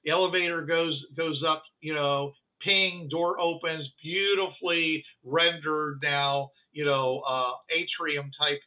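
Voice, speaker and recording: A man's voice: fairly high pitch, steady tone, measured pace, few pauses. A man narrating a tabletop game as game master, rambling with lots of fillers and restarts. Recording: thin phone-like line.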